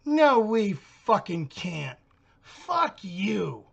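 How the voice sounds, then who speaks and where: A man voicing a hostile young woman neighbor who yells back at him from a distance, her voice shrill and loud. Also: big pitch swings, slow, vocal fry, slightly rough, lo-fi sound, exaggerated voice. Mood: furious.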